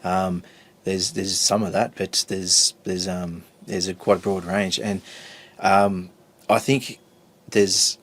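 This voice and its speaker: A man's voice: deep voice, little pitch movement, takes it slowly. A man being interviewed about his music, speaking hesitantly with many ums and restarts. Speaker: guest musician. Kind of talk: casual interview chat.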